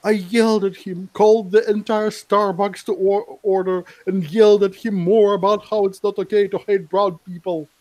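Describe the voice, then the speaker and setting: A man's voice: high voice, flat delivery, moderate pace, few pauses, a little mellow. A man co-hosting a podcast, reading social media posts aloud with mocking asides and many fillers. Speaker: podcast co-host.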